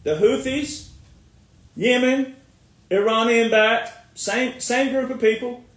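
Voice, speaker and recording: A sarcastic American man, a military veteran, rants through a mocking commentary and laughs at his own jabs. His voice sits high for a man. It echoes around a room, picked up from some distance. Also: steady tone, takes it slowly, fairly bright tone. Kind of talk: ranting online commentary. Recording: echoey room, far from mic.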